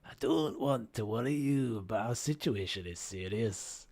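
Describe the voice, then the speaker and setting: A man's voice: mid-range voice, lively intonation, darkish tone, dry recording. A man reading game dialogue aloud, putting on an exaggerated Scottish voice for a worried male survivor leader. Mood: grave. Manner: hammed, halting reading.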